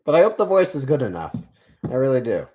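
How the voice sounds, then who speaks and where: A young man chatting on a live stream, his pitch swinging up and down as he talks. He rambles with lots of fillers and restarts, answering viewers in a loose, easygoing way. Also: sing-song, fast, darkish tone. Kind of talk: casual live stream chat.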